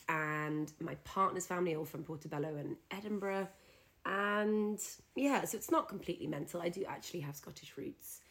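Nervous young woman vlogging, low voice. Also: brisk, fairly bright tone. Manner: chatty, candid, swears casually. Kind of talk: casual chat to camera.

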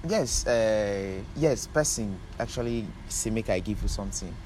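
A man's voice: fairly low pitch, expressive, a little slow, darkish tone, slight background noise. A Nigerian man filming a street vlog, pleading and coaxing, repeating himself. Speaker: vlogger arranging a reunion. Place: outdoors by a car on a street. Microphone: handheld phone camera.

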